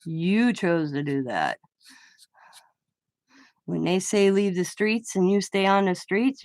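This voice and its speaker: A woman's voice: fairly low pitch, animated, slow, long pauses, a little mellow, dry recording. A woman hosting a craft channel, chatting casually in a blunt, opinionated way and swearing freely. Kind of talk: casual chat while crafting.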